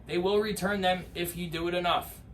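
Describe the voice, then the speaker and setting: A man's voice: sits high, fairly even intonation, a little fast, fairly bright tone, slight background noise. A man giving an impassioned political address, rousing and emphatic, with rhetorical lists and repeated calls to action. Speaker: political commentator.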